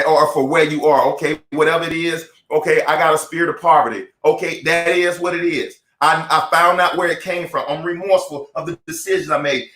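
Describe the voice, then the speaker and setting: A man's voice: a little high, fairly bright tone. A man giving a preaching-style motivational talk, fervent and emphatic, repeating phrases. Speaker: motivational speaker. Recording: echoey room.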